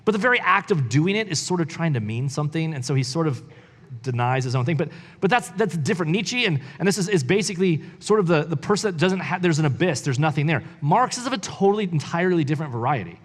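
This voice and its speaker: A man's voice: on the high side, lively intonation, quick pace, in a large hall. A man reading a book aloud and commenting on it in a heated, informal way, often saying "like". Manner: heated, informal, heavy use of "like". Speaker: church reader and commentator.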